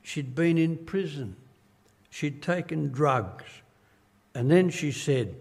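Slow, earnest older preacher in a hall. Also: male voice, medium pitch, animated, a little mellow. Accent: Australian. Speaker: pastor. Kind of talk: sermon.

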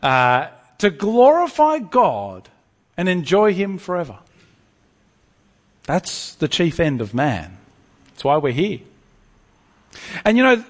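Animated preacher with a lively voice. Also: male voice, a little high, in a large hall. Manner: lively, animated, stammering restarts. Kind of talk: sermon.

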